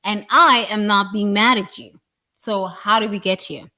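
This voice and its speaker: A woman's voice: mid-range voice, fairly even intonation, a little slow, bright, forceful tone. A woman giving a blunt, preachy motivational talk about work and responsibility, swearing freely. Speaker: leadership speaker.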